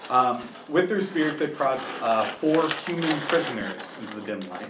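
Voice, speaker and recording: Lively male game master in an echoey room. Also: mid-range voice. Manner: lively, halting narration with fillers. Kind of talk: narrating a tabletop game. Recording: echoey room, distant mic, faint noise.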